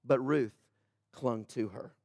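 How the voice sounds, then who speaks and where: A man preaching a sermon as pastor, emphatic and addressing the congregation directly, swinging between loud build-ups and hushed asides. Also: mid-range voice, takes it slowly, creaky, dry recording, studio quality. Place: church, in front of a congregation.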